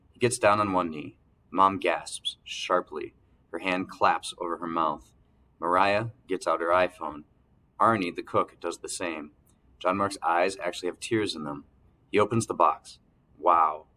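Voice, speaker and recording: A man narrating an audiobook in the first person, telling the story calmly and evenly. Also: sits low.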